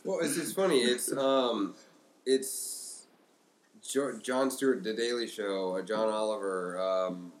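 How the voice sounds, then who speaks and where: Deep-voiced man, halting podcast talk. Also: poor audio. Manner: halting, many fillers and restarts. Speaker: podcast co-host. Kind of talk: casual discussion.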